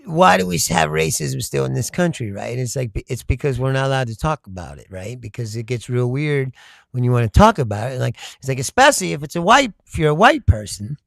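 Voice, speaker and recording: A man from Kentucky, chatting casually with his viewers, telling loud stories and laughing often. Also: medium pitch, big pitch swings, brisk, gravelly, no room sound. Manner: laughing often, loud storytelling with sudden shouts. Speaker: comedian streamer. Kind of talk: casual chat with live chat.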